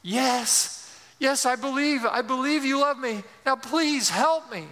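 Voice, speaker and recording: A preacher voicing a panicked man dangling from a cliff, shouting and pleading for help, in a hall with a long echo. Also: extremely high pitch, takes it slowly, voice pushed up, full character voice.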